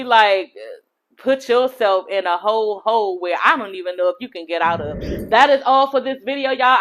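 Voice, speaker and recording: A woman's voice: fairly high pitch, a bit bright. A woman recapping a reality TV episode in a casual vlog, sassy and profane, gossiping animatedly to her viewers.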